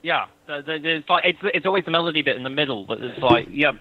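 A man in a casual group call who gets excited, swears and laughs a lot. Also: on the high side, fast, narrow, tinny audio. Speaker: quiz contestant.

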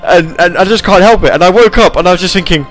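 A man hosting a casual live radio show, rambling and animated as he reads chat messages and tells stories. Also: high-pitched, fast, faint music behind.

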